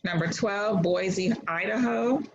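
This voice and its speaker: Slow, patient woman tutoring online. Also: medium pitch, breathy edge. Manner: patient, steady, reads answers slowly. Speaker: homeschool class tutor. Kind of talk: online class, reading out answers. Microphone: video call. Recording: dull video-call audio.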